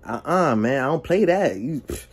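A young man tells a story from his own life in a casual, animated way, and his pitch leaps around as he acts out what people said. His voice is a little husky, with a soft breathiness to it. He keeps slipping into quoted dialogue, full of exclamations. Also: normal speed. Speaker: vlogger telling a personal story.

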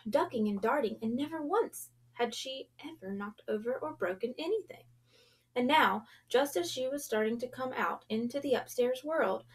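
A woman reads a children's novel aloud in a gentle storytelling voice. Her tone sits a little high, with a soft gravelly creak. At tense moments she drops to a hush. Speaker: audiobook reader.

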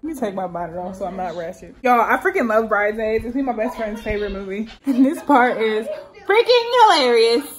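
A young woman athlete talking viewers through cooking a meal in her home kitchen. She chats in a relaxed, slangy way and speaks straight to the camera. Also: a little high, a little fast, a crowd in the background, rough recording. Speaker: vlogger and athlete. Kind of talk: casual cooking vlog narration. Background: faint frying and sizzling.

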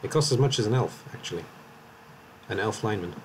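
A man with a slight Welsh lilt and a lowish voice chats through his live game commentary. He rambles and keeps correcting himself mid-thought. A faint hiss sits under his voice. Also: expressive, quick pace. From Wales. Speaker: streamer.

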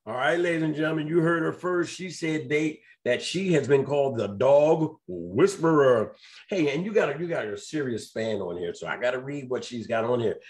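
A man hosting a casual live online interview, lively and playful, with loose, colloquial speech. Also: mid-range voice, normal speed. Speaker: host of a live online show.

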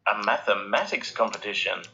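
A man voicing a cheerful, curious gentleman mathematician in a storybook, formal and inquisitive in manner. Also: lowish voice, a little fast, vocal fry, muffled recording, heavily acted. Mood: pleased.

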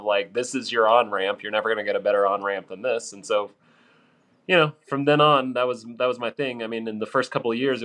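A man's voice: mid-range voice, fairly bright tone. A man in his thirties from Arkansas with a vague mid-Atlantic accent, a podcast guest chatting casually and rambling through asides. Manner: rambling, full of "you know" and "like" asides.

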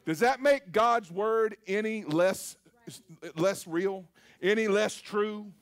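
A man preaches a sermon to a live congregation. His voice sits very high, and he delivers his points emphatically, calling on the congregation to answer back. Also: slow. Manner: emphatic, call-and-response preaching. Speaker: pastor. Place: church service.

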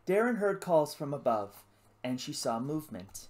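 Storybook narrator, expressive and animated in pitch, reading adventure prose. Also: moderate pace. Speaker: audiobook narrator. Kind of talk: scripted narration.

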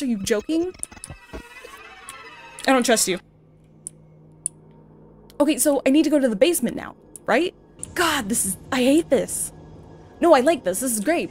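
This horror game commentary comes from a young woman streaming, whose high voice carries a darkish tone. She's jumpy, talks to the game as she plays, and keeps exclaiming and swearing at it while game music plays.

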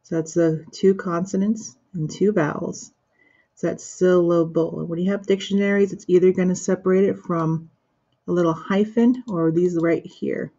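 A woman with a mellow, somewhat husky voice, teaching a pronunciation lesson as if to a class in the room. She asks questions, waits for answers and fills the gaps with fillers. The sound is a dull, lo-fi screen recording. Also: on the low side, fairly even intonation. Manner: addresses an imagined class, pauses for answers, many fillers. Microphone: screen recorder with built-in microphone.

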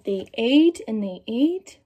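Lively, high-voiced woman reading a picture book. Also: takes it slowly, slightly rough. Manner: animated storytelling with questions to young listeners. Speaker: children's story reader.

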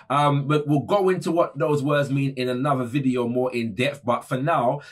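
A man's voice: mid-range voice, slightly rough. A man presenting an explanatory talk, conversational, with frequent tag questions and fillers. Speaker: educator presenting a video series.

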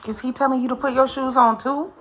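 A woman's voice: sits high, fairly even intonation, quick pace, a bit bright. A woman filming a casual family vlog at home on her phone, teasing and chanting playfully. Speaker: vlogger. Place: home indoors. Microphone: handheld phone. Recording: noisy home phone recording.

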